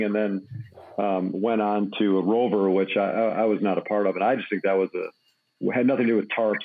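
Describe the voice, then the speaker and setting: A middle-aged man, a podcast guest, who gives measured, hedging answers. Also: fairly low pitch. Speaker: guest, former Navy flight officer. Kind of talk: conversational interview. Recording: tinny phone-like line.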